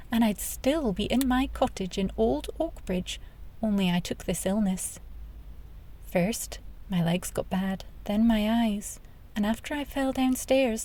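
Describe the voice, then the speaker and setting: A woman voicing a cheerful, kindly old countrywoman lying in a hospital bed, who speaks gently and fondly of the past. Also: a little high, close to an everyday voice, rough recording. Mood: contented. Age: over 60. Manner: gentle, contented, reminiscing.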